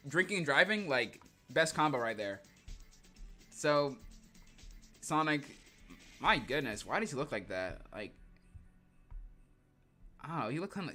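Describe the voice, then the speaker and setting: Joking young male streamer, bright voice. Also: medium pitch, lively intonation, normal speed, long pauses, faint music behind. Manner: rambling, joking, laughs often. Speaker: streamer reading comics. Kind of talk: casual livestream commentary.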